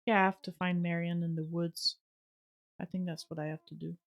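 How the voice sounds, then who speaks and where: A woman streamer giving soft-spoken, chatty commentary while playing a game, often restarting her sentences. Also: lowish voice, level tone, a little fast.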